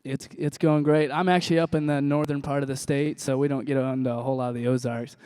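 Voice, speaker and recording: A young man from Missouri, a contestant answering interview questions in a relaxed, plainspoken way. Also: medium pitch, quick pace, clean tone, no echo. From Missouri, USA. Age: young adult. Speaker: auctioneer contestant. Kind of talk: casual stage interview.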